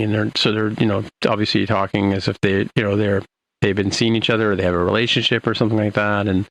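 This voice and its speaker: A man hosting a podcast, recapping an episode in a rambling, halting way with many restarts. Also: on the low side, little pitch movement, gravelly, fairly bright tone, poor audio. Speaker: podcast host.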